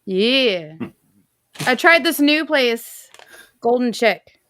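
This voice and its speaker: A woman's voice: fairly high pitch, expressive, drawn-out words, fairly bright tone. Chatty, giggly woman. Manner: giggly, chatty, acts out quotes. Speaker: co-host. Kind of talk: casual chat.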